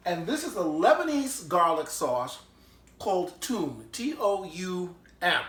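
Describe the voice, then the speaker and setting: A man's voice: sits high, very animated, measured pace, fairly bright tone, echoey room. A man hosting a casual home cooking show, talking chattily and enthusiastically with lots of fillers as he works in his kitchen.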